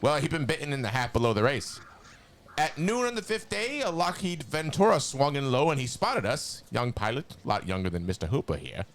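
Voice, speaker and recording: A man's voice: mid-range voice, sing-song, fairly quick, a little hiss or hum, voice pushed up. A man voicing Skeletor, an evil skeletal sorcerer, reading a long dramatic monologue in a nasal, sneering voice. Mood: menacing. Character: evil skeletal male sorcerer, cackling villain.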